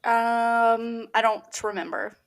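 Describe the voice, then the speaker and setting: Woman quizmaster, high voice, unhurried, giggly. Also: little pitch movement. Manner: giggly quizmaster, reads clues. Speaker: game host on a podcast. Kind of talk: casual game chat.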